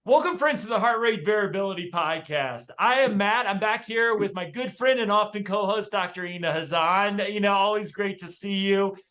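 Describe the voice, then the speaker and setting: A man's voice: high voice, moderate pace, hardly any pauses, sharp tone. A man hosting a podcast, welcoming a guest in an upbeat, filler-heavy way. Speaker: podcast host. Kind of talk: casual interview hosting.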